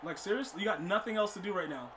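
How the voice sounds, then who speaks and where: A man streaming a football video game, commenting live and talking to his chat, often exasperated and breaking into loud outbursts. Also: high-pitched, racing, background noise. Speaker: gaming streamer.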